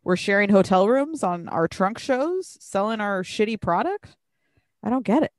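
A woman co-hosting a podcast, talking casually, an animated storyteller who swears freely. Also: medium pitch, normal speed, no echo, studio quality. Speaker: podcast co-host. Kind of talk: casual chat.

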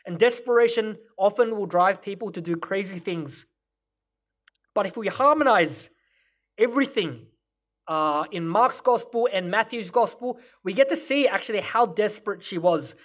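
A man's voice: high voice, animated, moderate pace, fairly bright tone. A male pastor delivering a sermon, explaining scripture and Greek word meanings in a teaching manner.

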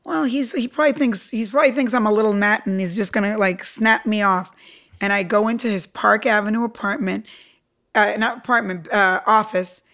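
A woman's voice: mid-range voice, fairly quick. A middle-aged woman from Cuba, an entrepreneur guest, telling her story with emphatic energy in a podcast interview. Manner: animated, emphatic, acts out quotes.

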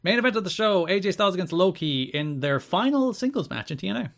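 A man's voice: sits high, lively intonation, quick pace, vocal fry, fairly bright tone. A man co-hosting a casual podcast, recapping old wrestling shows and acting out quotes in silly voices. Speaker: podcast co-host.

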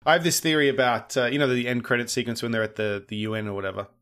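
A man's voice: mid-range voice, steady tone, very fast, a bit bright, clean tone. A man in casual conversation about movies, laughing often and acting out quoted lines. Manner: laughs often, tells theories with mock quotes.

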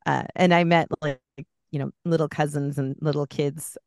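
A woman from California, co-hosting a podcast and telling lively stories in a casual chat. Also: deep voice, moderate pace, vocal fry, no room sound, clean studio sound. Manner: chatty, animated anecdotes with laughter. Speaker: podcast co-host.

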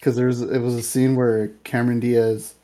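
Rambling young man with a mellow voice. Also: mid-range voice, moderate pace. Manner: rambling, filler-heavy, animated retelling. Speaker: podcast co-host. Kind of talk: casual movie review chat.

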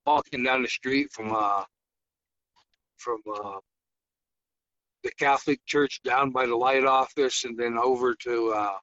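A man from the Blackfeet reservation telling a ghost story as a podcast guest, halting, with many fillers and restarts. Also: medium pitch, fairly even intonation, a bit bright, no echo, dull audio. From Blackfeet reservation, Montana, US.

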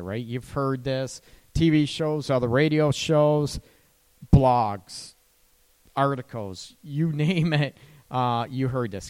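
A man's voice: mid-range voice, darkish tone. A man hosting a relationship advice show, talking casually and often checking in with "right?". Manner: conversational, often asks "right?". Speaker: radio relationship advice host.

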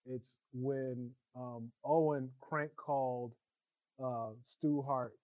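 A man's voice: medium pitch, fairly even intonation, slow, dry recording. A man co-hosting a podcast, telling a story in casual chat and laughing as he goes. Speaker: podcast co-host. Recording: muffled, lo-fi sound.

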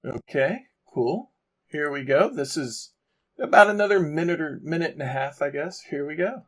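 A man's voice: on the high side, animated, moderate pace, a bit bright. A man co-hosting a podcast, setting up a clip in an easygoing way with ums and uhs. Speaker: podcast co-host. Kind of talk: casual chat.

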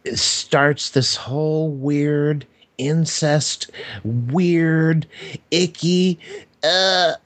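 A man's voice: on the high side, steady tone, drawn-out words, fairly bright tone, dry recording. Hesitant man in a dry, close recording. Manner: hesitant, full of uh fillers, laughs easily. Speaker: podcast co-host. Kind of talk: casual movie chat.

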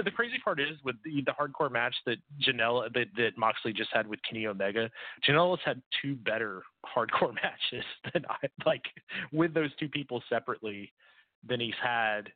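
A man's voice: medium pitch, moderate pace, dry recording. A man co-hosting a podcast, giving frank, opinionated takes in casual chat with some swearing. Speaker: podcast co-host. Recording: tinny phone-like audio, dry.

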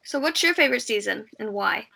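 A high-pitched woman from Texas chats on a podcast, her voice bright and lively. She has a light Texan accent and rambles bubbly through her points with plenty of fillers. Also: fairly quick, gravelly. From Texas, United States. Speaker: podcast co-host. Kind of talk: casual chat.

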